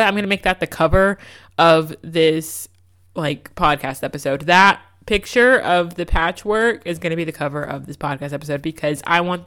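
A young woman hosting a casual solo podcast, telling stories in an animated, exasperated way with lots of fillers. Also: lowish voice. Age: young adult. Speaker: podcast host.

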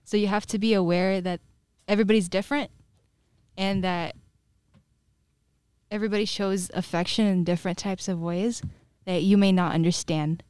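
A woman's voice: mid-range voice, fairly even intonation, moderate pace, pauses often, darkish tone, clear, resonant tone, no room sound. A teenage girl hosting a club talk show, leading with plain questions. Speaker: host.

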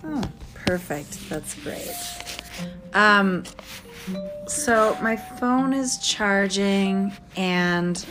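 Woman, very slow and meandering, rambling voice memo, phone mic, faint music behind. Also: medium pitch. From US East Coast. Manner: slow, meandering, drifts into whispers. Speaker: podcast host.

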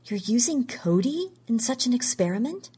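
A frightened, desperate woman pleads for answers, her husky voice pitched up and straining, as a woman reading a story gives her voice. She sounds anxious in a storybook reading. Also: big pitch swings, normal speed, mellow, exaggerated voice. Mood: anxious, pleading.

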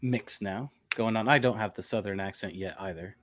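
A man from the northern United States co-hosting a live podcast, relaxed and easygoing in casual banter. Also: lowish voice, moderate pace. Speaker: podcast co-host. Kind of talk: casual live-stream chat.

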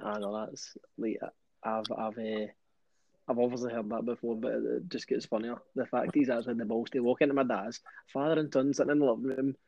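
A Scottish man chats casually and keeps chiming in with quick, amused remarks. His voice is mellow and dark. The mic sounds dry and a little dull and lo-fi. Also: medium pitch, gravelly, no echo. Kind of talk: casual podcast chat.

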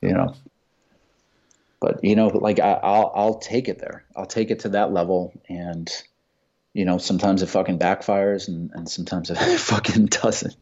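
Husky, low-voiced man telling heated stories. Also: steady tone, moderate pace, darkish tone. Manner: profane, heated storytelling. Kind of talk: casual chat. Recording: dull lo-fi sound.

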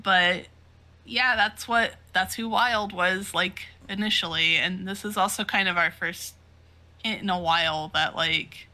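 A woman chats through a manga chapter with her co-host, her voice bright and clear. She laughs a lot and slips into quick impressions of the characters as she retells the scenes. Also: lowish voice, steady tone. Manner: laughs often, acts out characters' lines. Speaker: podcast co-host. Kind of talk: casual chat recapping a manga.

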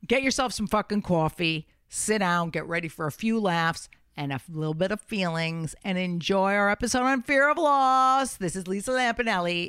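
A woman hosting a comedy podcast, brash and profane, often shouting and laughing. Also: mid-range voice, moderate pace, few pauses, clear, resonant tone. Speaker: podcast host.

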